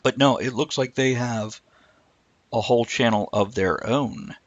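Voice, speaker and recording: Guy chatting on a livestream, mid pitch, dry muffled lo-fi mic, keeps trailing off. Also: unhurried, no echo. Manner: rambling, self-interrupting, reads chat aloud. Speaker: livestream co-host. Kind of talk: casual live-stream chat.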